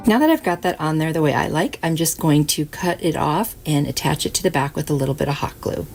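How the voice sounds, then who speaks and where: A woman's voice: sits low, expressive, a little fast, creaky, over music. A woman hosting a craft channel, chatting through each step of a project in a casual, upbeat way. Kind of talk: casual craft tutorial narration.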